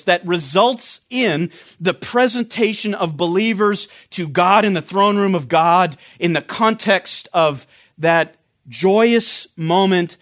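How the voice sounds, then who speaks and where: A man teaches a Bible study in a high voice. He explains the text earnestly and often restarts his sentences. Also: fairly bright tone.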